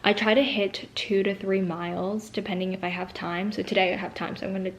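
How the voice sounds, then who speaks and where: A young woman chatting casually in a vlog, her voice sitting at an ordinary mid pitch. She rambles in a friendly way, with a lot of "like" fillers. Faint noise hums behind her. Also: little pitch movement, brisk, poor audio. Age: young adult. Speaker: vlogger.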